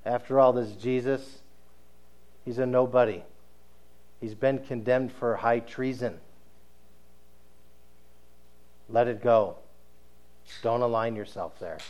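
A man's voice: very animated, slow, pauses often. A man doing a sly, coaxing devil. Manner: soft, lowered, persuasive. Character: sly coaxing male tempter spirit.

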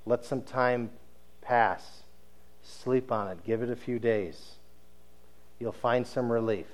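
A man voicing a sly, coaxing male tempter spirit in a soft, lowered, persuasive tone during a sermon. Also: big pitch swings, slow.

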